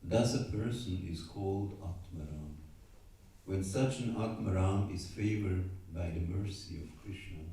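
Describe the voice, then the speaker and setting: A man leading a temple scripture class, reading verses and their translations in a measured way and pausing so the congregation can repeat each line. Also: low-pitched, dark tone. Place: temple hall. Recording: echoey hall, voice far from mic.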